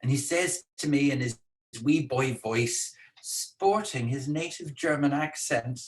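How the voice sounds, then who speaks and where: A man's voice: medium pitch, very animated, measured pace. A man hosting a casual live-streamed talk from home in a chatty, playful, teasing way. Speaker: co-host and speaker. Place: indoors at home.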